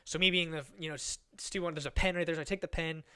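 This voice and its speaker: A young man in his twenties tells a story on a podcast with a slightly high voice. He is animated and swears freely, and he acts out the other people's lines as he goes. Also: very fast, clean tone. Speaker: podcast guest. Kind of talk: casual storytelling.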